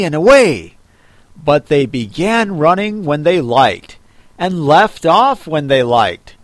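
A man narrating a storybook audiobook in a measured, expressive way. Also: a little high, dry recording.

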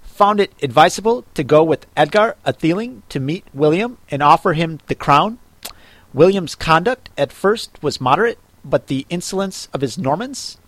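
A man's voice: high voice, very animated, no echo, pitched above the performer's own voice. A man doing a prim, fussy little mouse. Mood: lecturing. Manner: prim and hurried, a little cross. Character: fussy, pedantic little mouse reciting history.

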